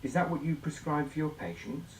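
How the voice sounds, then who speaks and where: A man presenting a scripted lesson, measured and explanatory, asking guiding questions. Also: a little high, expressive, roomy sound, low-quality recording. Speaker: instructor.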